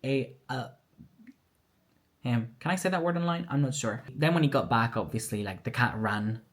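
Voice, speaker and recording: A woman's voice: very deep voice, animated, normal speed. A woman telling a personal story in a candid, emotional vlog, acting out what others said. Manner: candid, emotional retelling with quoted dialogue. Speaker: vlogger.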